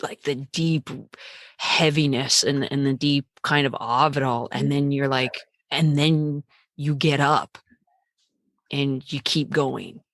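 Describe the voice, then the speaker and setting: A woman with a very low voice thinks aloud in a calm, measured way. She co-hosts a podcast and laughs easily. The sound is dry and close. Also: no room sound. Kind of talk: casual chat.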